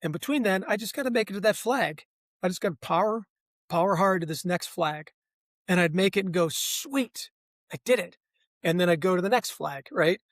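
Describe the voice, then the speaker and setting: A man's voice: high voice, a little fast, dry recording. A man, a guest on a podcast, telling his race story in a reflective, casual way.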